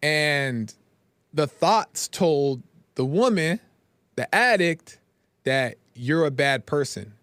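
A man with a slightly higher-pitched voice talks in a loose, conversational way as a podcast host, keeping tabs on his listeners with a frequent "right?". He slips into rough retellings of scenes with quoted lines. The sound is dry and close, with no room echo. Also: lively intonation, slow pace, fairly bright tone. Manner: conversational, often checks in with "right?". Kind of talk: casual spiritual talk.

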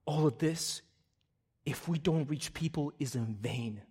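A man in his thirties preaching a sermon, telling stories with animated swings between loud bursts and hushed lines. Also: a little high, measured pace, breathy edge. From Russian Slavic community in the US. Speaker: pastor.

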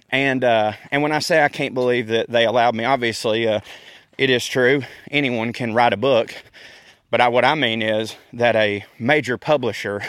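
A man's voice: medium pitch, fairly bright tone, no echo, clean studio sound. A man with a Southern US accent, chatty and folksy, laughing often as he hosts a casual rant. He is a little out of breath. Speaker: podcast host. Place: outdoors in a park.

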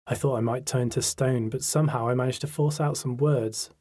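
A man narrating a first-person story in an audiobook, measured and reflective. His voice is mellow and warm rather than bright, with a husky, breathy texture. The delivery is steady, like careful storytelling. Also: medium pitch.

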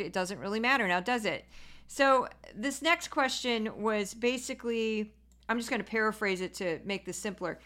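A woman's voice: medium pitch, bright, forceful tone. A woman hosting a podcast, giving casual, sarcastic political commentary full of fillers. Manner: opinionated, sarcastic, with frequent fillers. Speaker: podcast host.

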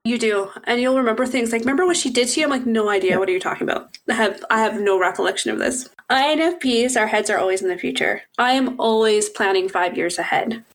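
A woman co-hosting a casual chat, lively and acting out quotes in a raised voice. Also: fairly high pitch, fast, few pauses. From Lebanese heritage. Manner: animated, acts out quotes in a raised voice. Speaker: podcast co-host.

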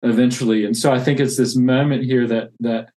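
A man's voice: mid-range voice, steady tone, fairly quick, warm tone. A man who plants churches reads from a classic novel and reflects earnestly on faith. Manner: earnest, reflective, with many restarts.

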